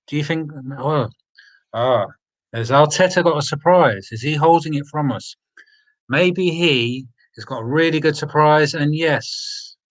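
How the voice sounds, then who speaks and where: Fan-channel host, male, fairly high voice, slow deliberate delivery, excited and suspenseful. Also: low-quality recording. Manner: excited, thinking aloud, drawn-out suspense. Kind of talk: live stream chat reading team news.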